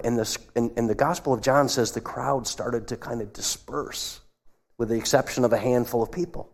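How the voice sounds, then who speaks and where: A man preaching a sermon as pastor, retelling scenes and dropping his voice low for asides. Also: fairly even intonation, normal speed. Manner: acts out quoted voices, drops to a hush for asides. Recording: long hall reverb.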